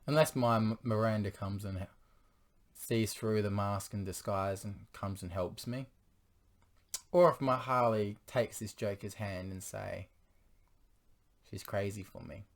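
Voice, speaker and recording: A hoarse man who is losing his voice speaks in an earnest, pleading monologue aimed at his partner. He keeps stopping to clear his throat. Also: fairly low pitch, fairly even intonation, measured pace. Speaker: vlogger addressing his partner. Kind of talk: confessional monologue to camera.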